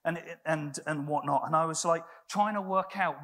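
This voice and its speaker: A man's voice: a little high, normal speed, a bit bright. A man preaching a sermon in a church, telling stories in a conversational way with frequent restarts.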